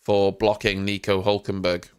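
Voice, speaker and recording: A man's voice: on the low side, monotone, moderate pace, clean tone. A man hosting a live stream early in the morning, still half asleep, drowsily chatting with viewers and greeting them by name. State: sleepy, just woken up. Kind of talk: casual live reaction chat.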